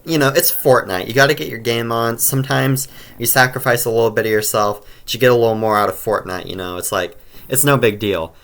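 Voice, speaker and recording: A man's voice: medium pitch, fairly bright tone. A man telling a casual storytime over gameplay, rambling in slang and filling his talk with "like" and "bro". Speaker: storytime narrator.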